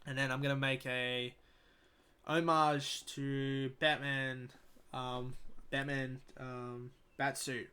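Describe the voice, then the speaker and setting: A young Australian man tells a long story on his first podcast, rambling and swearing as he goes. His voice is bright and forward, and his pitch sits in a middle register. He acts out both sides of the conversations he quotes. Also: level tone, takes it slowly, clean tone. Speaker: podcast host. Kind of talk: casual storytelling.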